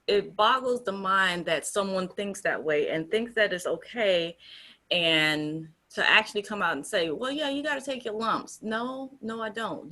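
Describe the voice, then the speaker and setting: A woman's voice: fairly low pitch, sharp tone. A woman co-hosting a casual discussion, talking in an earnest, emphatic way with frequent restarts. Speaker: group founder and co-host.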